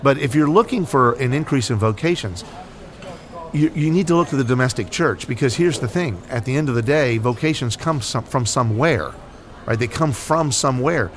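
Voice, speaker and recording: A man's voice: medium pitch, animated, moderate pace. Earnest American man explaining faith. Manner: earnest, repetitive, many fillers and "right?". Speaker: Catholic podcast co-host. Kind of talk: casual faith discussion.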